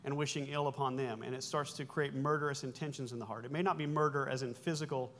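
A man's voice: mid-range voice, steady tone, quick pace, a bit bright. Give me a man in his forties preaching a conversational sermon with wry asides. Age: 40s. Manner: explanatory and conversational, with self-corrections and wry asides. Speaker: pastor.

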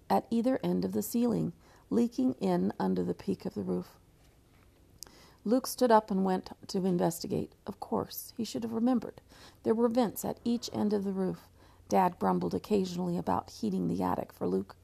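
A woman's voice: medium pitch, vocal fry, dark tone. A woman teacher reading a novel aloud, with frequent slips and restarts.

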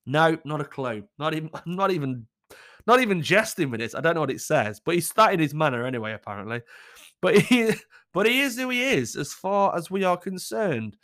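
A man's voice: fairly high pitch, animated, brisk, a bit bright. A man, reading advice letters aloud and reacting in blunt, casual commentary, swearing freely as he talks.

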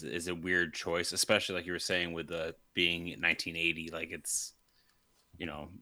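Deep-voiced man with a bright edge. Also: dry recording. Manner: opinionated, hesitant, frequent "like". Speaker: podcast co-host, movie reviewer. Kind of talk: casual movie discussion.

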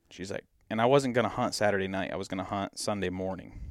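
A man from Michigan telling a hunting story in a casual, animated way, acting out what people said. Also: deep voice, fast talker, few pauses, no room sound, clean studio sound. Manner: animated, acts out quotes in his story. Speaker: podcast guest, hunter.

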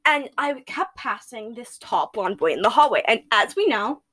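A teenage girl with a high, bright voice chats on her own podcast. She gushes and giggles at her own jokes, keeping the talk loose and rambling. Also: expressive, normal speed, breathy edge. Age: teens. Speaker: podcast host. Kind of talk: casual solo podcast chat.

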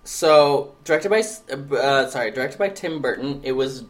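Guy cohosting a podcast, dry sarcastic jokes, middle pitch, casual chat. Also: expressive, normal speed. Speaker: podcast co-host.

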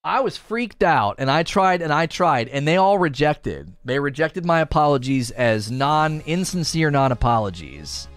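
A man's voice: a little high, sing-song, moderate pace, hardly any pauses, no room sound. A man streamer in a heated, defensive monologue, repeating himself as he vents. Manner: indignant, defensive, repetitive. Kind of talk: ranting monologue.

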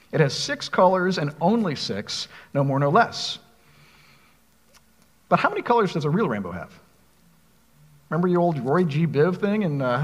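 Preacher guy, high lively voice, a bit husky, big hall echo. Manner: expressive preaching, reads scripture aloud, asks the congregation questions. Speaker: pastor. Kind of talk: sermon.

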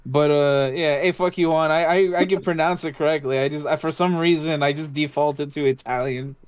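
A man's voice: a little high, fairly even intonation, brisk, smooth, no echo. A man co-hosting a podcast in casual chat, rambling, swearing often and filling his talk with "like". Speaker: podcast co-host.

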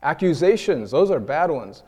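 A preacher from New York giving a lively sermon, acting out quoted voices and repeating words as he builds his points. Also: on the high side, moderate pace, husky. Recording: long reverb of a large hall.

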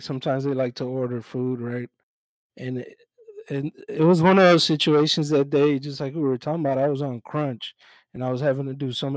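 A young man co-hosting a podcast, telling a story in a casual, relaxed way, swearing freely and acting out both sides of the exchange. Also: fairly high pitch, dry recording, low-quality recording. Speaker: podcast co-host. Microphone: own mic, remote call.

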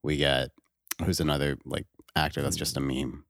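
A man's voice: rumbling low, level tone, moderate pace, creaky, fairly bright tone, no room sound, clean studio sound. A young man co-hosting a podcast, chatting and joking playfully with his friends. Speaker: podcast co-host. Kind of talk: casual banter.

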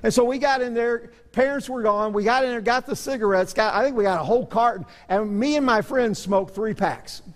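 A man's voice: very high-pitched, a little fast, hardly any pauses. A middle-aged man, a pastor, preaching a sermon in a church sanctuary, telling stories in an earnest, self-deprecating way. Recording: long hall reverb.

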